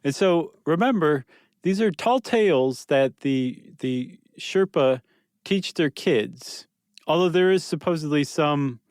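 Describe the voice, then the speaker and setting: A man's voice: fairly high pitch, lively intonation, takes it slowly, a little mellow, clear, resonant tone, no echo, clean studio sound. A man co-hosting a podcast in casual chat, explaining things wryly and teasing his partner. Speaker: podcast co-host.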